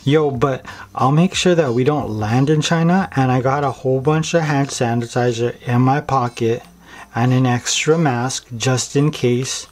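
A man's voice: medium pitch, unhurried, slight background noise, natural voice. A man voicing a young street-smart male hero, talking in laid-back slang. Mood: reassuring.

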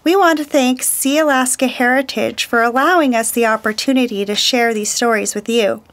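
A woman storyteller reading a children's picture book aloud, slow, gentle and deliberate. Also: fairly high pitch.

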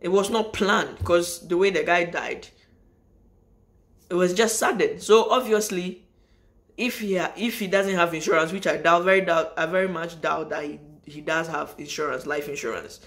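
A vlogger speaks straight to her viewers in a casual spoken monologue to camera. Her voice is on the low side and fairly bright, at a moderate pace; she's emphatic, repeating key lines for stress, and her sentences ramble and restart.

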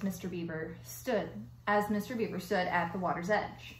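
A woman teacher reading a chapter book aloud to her class in a relaxed, casual way. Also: lowish voice, moderate pace, slight background noise. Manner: relaxed, casual, with small slips. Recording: echoey room.

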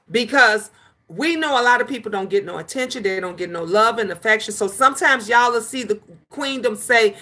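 A middle-aged woman hosts a casual livestream, chatting animatedly to her viewers. Her voice is bright and a little high, and she keeps calling people honey. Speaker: livestream host reading viewer comments.

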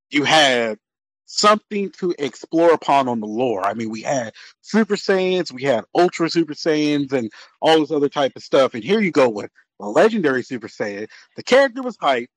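A man's voice: mid-range voice, no room sound, rough recording. A man on a podcast panel, arguing his pick in casual group debate with an emphatic, laughing delivery.

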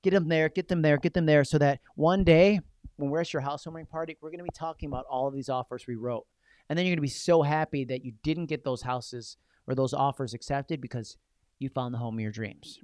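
A man coaching real estate agents in an energetic, punchy seminar talk full of rhetorical questions. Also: mid-range voice, clean tone, no echo.

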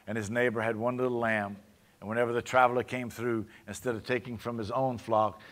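Male pastor, Cajun accent, mid-pitched, conversational sermon delivery with frequent call-and-response. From Louisiana. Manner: conversational preaching, often asking the congregation for an amen.

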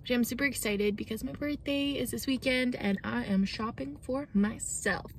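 A woman's voice: on the high side, normal speed, slight background noise, poor audio. A young woman from Georgia, chatting casually and expressively in a vlog about her shopping. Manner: gushing and expressive, swings from excited to mock-dramatic. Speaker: vlogger. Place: shopping outlet outdoors, then at home.

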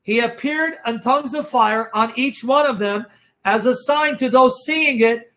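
This man's very high voice has a slightly bright edge, and he takes his time as he teaches the Bible like a sermon. Coughing has strained his throat, yet he stays emphatic and repetitive, urging people to watch and asking if they're following along.

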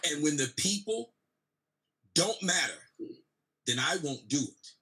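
A man in a debate, answering back in a calm, measured way. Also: a little high, rough recording. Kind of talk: debate exchange.

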